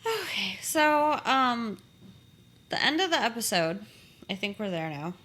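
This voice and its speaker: A woman with a lively, swooping voice and a bright tone, chatting as a podcast co-host. She retells the plot loosely, leaning on fillers like "you know". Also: on the high side, a little slow. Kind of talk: casual chat about a TV show.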